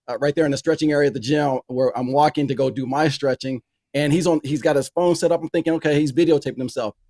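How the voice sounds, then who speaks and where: A man's voice: fairly high pitch, darkish tone, dry recording. A man co-hosting a casual chat, telling a story animatedly and repeating words as he goes.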